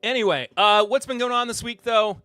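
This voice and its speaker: A man's voice: very high voice, fairly quick, pushed and bright, clear, resonant tone, no echo. Man, 30s, from the Southern US, podcast host, rambling livestream chat, faint music behind. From Southern United States. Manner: rambling, many fillers and restarts.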